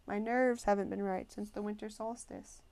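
A woman doing a soft-spoken old teacher. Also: mid-range voice, steady tone, moderate pace, lightly acted. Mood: gentle. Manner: soft-spoken, gentle, murmuring. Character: kind older male teacher in a wheelchair. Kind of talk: audiobook character voice.

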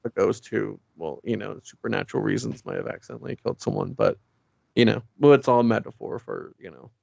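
A man's voice: fairly low pitch, quick pace, gravelly, darkish tone, no echo, highs cut off. A man co-hosting a casual podcast chat, recapping a comic and reading its dialogue aloud with many fillers. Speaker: podcast co-host.

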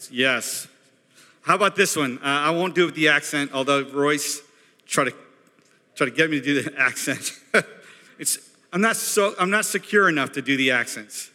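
A man's voice: mid-range voice, moderate pace, pushed and bright. A man preaching a sermon as pastor, chatty and self-deprecating. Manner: chatty, self-deprecating, quotes movie lines. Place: church hall. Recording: reverberant church hall.

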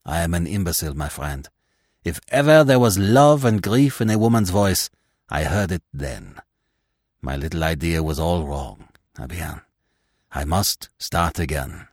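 A man's voice: deep voice, animated, a little slow, slightly rough, no echo, studio quality, exaggerated voice. A man reading aloud, voicing a polite and precise detective in a classic mystery story. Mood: rueful. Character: shrewd, courteous little male detective.

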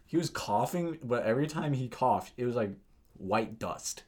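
Husky-voiced young man telling bus stories. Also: medium pitch, normal speed. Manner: swears a lot, laughs often, animated storytelling. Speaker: podcast co-host. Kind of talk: casual chat.

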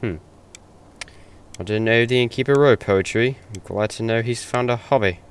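A man's voice: medium pitch, moderate pace, clear, resonant tone, lightly acted. A man playing an earnest, unsure young junior innkeeper in an audio drama, talking in a hesitant, rambling way full of ums and restarts. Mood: puzzled. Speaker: stand-in host. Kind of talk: hobby audio drama monologue.

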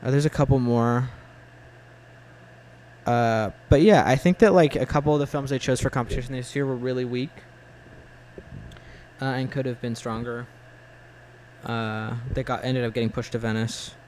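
Young man chatting haltingly, blunt. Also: mid-range voice, steady tone, a little mellow, slight background noise, rough recording. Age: 20s. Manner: halting, full of "like" and "uh", blunt opinions. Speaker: film fan in conversation. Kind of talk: casual chat.

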